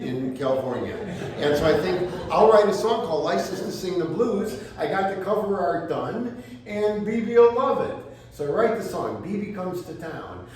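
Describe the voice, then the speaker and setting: An older American man telling animated stories to a live library audience. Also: on the high side, slight background noise. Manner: animated anecdotes, quotes others in voices. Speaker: storyteller at a library talk. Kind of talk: live storytelling talk. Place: library event space. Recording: echoey room, mic from a distance.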